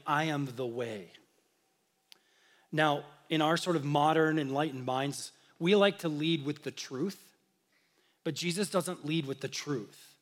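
A man giving a conversational sermon, slowing down for emphasis at key phrases. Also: fairly high pitch, long reverb tail. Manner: conversational, animated preaching with emphatic slow phrases. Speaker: pastor.

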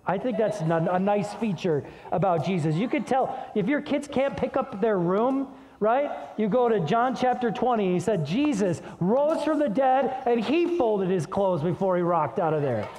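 A man preaching a sermon as pastor, conversational and energetic, dropping low and soft when reading scripture. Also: normal speed, hardly any pauses, big-room sound.

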